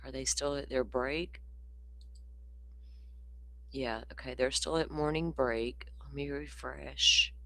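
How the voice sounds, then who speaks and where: A woman's voice: extremely low pitch, steady tone, slow, creaky, pauses often, a bit bright. A woman hosting a livestream, talking casually and with exasperation, ranting and laughing often. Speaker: livestream host commenting on a trial.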